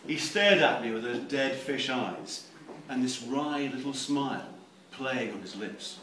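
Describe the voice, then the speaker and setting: A man reading a novel aloud at a live event, theatrical and expressive. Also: mid-range voice, measured pace. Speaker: reader. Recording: echoey room, distant mic, faint noise.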